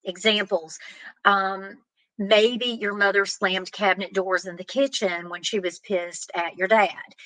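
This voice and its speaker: Bright-voiced woman giving relationship advice. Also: mid-range voice, fairly even intonation, slow, dry recording, rough recording. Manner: earnest, plain-spoken, acts out example dialogues. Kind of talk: direct-to-camera advice talk.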